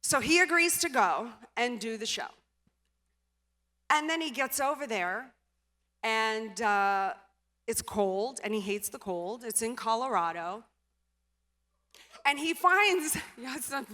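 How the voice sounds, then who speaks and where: A woman giving a motivational speech as personal storytelling, animated, acting out dialogue and trailing off with filler sounds. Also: on the high side, measured pace, long pauses. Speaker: motivational speaker. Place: stage in a large venue. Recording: reverberant hall.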